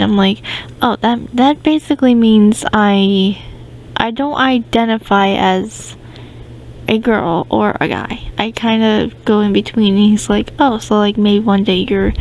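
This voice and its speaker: A woman's voice: mid-range voice, vocal fry, a little mellow, a little hiss or hum, rough recording. A woman hosting a casual storytime podcast, rambling through the tale with many ums and restarts. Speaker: podcast host.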